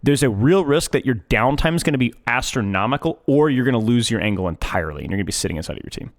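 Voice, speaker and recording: A man's voice: medium pitch, animated, fast. A man coaching a player through a gameplay replay, emphatic and often repeating his points several times. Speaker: game coach.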